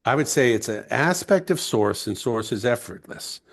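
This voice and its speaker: A man from the United States, a guest author, telling heartfelt stories slowly and reflectively in an interview. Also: mid-range voice, expressive, gravelly. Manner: heartfelt, emotional, slow and searching.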